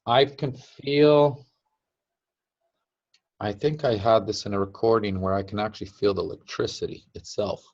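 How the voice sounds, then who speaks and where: A man's voice: lowish voice, moderate pace, darkish tone. Man teaching in dull lo-fi sound. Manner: chatty, laughs often, acts out quotes. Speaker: teacher of a device-building group.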